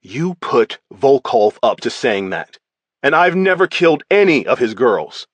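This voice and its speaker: A man's voice: mid-range voice, sing-song, measured pace, no room sound. A man voicing a smug male crime writer suspected of murder, sneering and snarling his denials.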